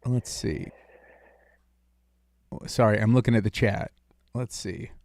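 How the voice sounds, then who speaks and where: A man's voice: lowish voice, fairly even intonation, slow, gravelly, darkish tone, no echo. Rambling jokey male streamer. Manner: rambling, jokey, lots of filler. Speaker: streamer host taking calls. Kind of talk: casual chat.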